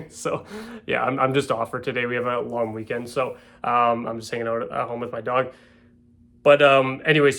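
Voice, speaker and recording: A man's voice: mid-range voice, fairly bright tone. A man who sells real estate, at home, giving a casual spoken lesson on door-to-door sales. He keeps checking in with his listeners and acts out door-step scripts.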